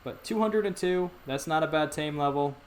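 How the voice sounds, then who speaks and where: A young man with a slightly high voice runs a gaming channel, chatting to viewers at a moderate pace while he plays. His commentary is casual and rambling, full of restarts, and there's some background noise.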